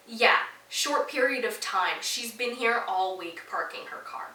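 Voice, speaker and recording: A young woman from Toronto tells a story in a sassy, animated way, swearing freely. Her voice is bright and sharp. She sounds a little distant in a roomy, echoing space. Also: fairly high pitch, unhurried. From Toronto, Canada. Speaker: podcast host. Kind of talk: casual storytelling monologue.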